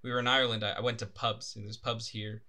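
Young man, podcast co-host, bright tone, rambling chat, casual swearing. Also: fairly low pitch, little pitch movement, fast talker. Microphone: desk microphone.

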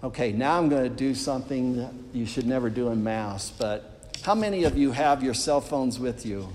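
A man's voice: medium pitch, expressive, moderate pace, a little mellow, a little hiss or hum. Earnest man preaching in a reverberant church. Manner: earnest, addresses the congregation directly. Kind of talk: sermon. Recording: long reverb of a church hall.

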